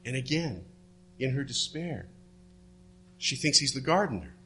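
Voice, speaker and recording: A man preaching a sermon, retelling a story and dropping his voice low and soft for the quoted words. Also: very animated, measured pace, slight background noise. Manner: storytelling, drops to hushed tones for quoted words.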